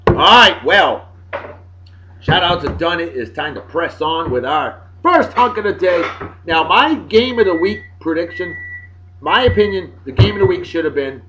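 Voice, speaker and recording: Boisterous man giving loud shout-outs. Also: a little high, animated, normal speed, background noise. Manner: boisterous, jokey, swings loud and soft. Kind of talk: casual video blog chat. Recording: dull lo-fi sound.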